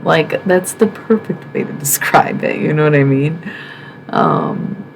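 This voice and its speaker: A woman's voice: low-pitched, unhurried, creaky, slight background noise, low-quality recording. A woman from the Midwest hosting a livestream, talking frankly and emphatically in a casual monologue, swearing and asking rhetorical questions. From American Midwest. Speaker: livestream host.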